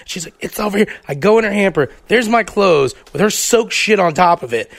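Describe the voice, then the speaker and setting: Podcast co-host, male, high voice with gravelly fry, rapid profane storytelling. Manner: profane, animated storytelling with acted-out quotes. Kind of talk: casual storytelling chat.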